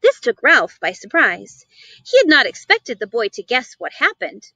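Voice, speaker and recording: A woman reads a children's chapter book aloud, expressive and animated. Her voice is bright and fairly high. It's recorded close and dry. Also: moderate pace, no echo, poor audio. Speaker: reader. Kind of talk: storybook read-aloud.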